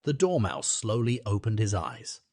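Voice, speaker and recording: Scripted narration of a classic kids' audiobook, delivered by a fairly low-voiced man in a measured, expressive storytelling style. The sound is dry and cleanly recorded in a studio.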